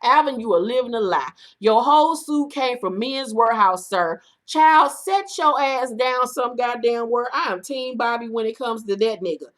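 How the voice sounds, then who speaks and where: A woman recapping a reality TV episode in casual, profane commentary, acting out the cast in loud bursts. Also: a little high, expressive, normal speed, hardly any pauses.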